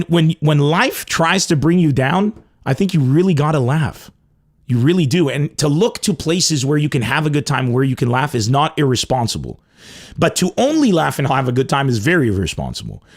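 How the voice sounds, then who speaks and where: A man hosting a comedy podcast, riffing in an emphatic, profane monologue that swings between loud bursts and low asides.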